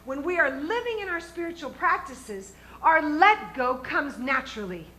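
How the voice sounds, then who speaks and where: A woman's voice: high-pitched, big pitch swings, normal speed, sharp tone, slight background noise, poor audio. A woman minister giving a sermon to her congregation in an earnest, emphatic way, often asking them questions. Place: church sanctuary with a congregation.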